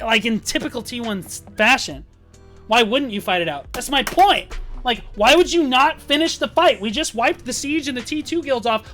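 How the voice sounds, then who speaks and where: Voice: medium pitch, fairly bright tone. Profane, heated gaming guild leader ranting. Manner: profane, heated and emphatic, with frequent "like" and "um". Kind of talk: live-stream storytelling rant.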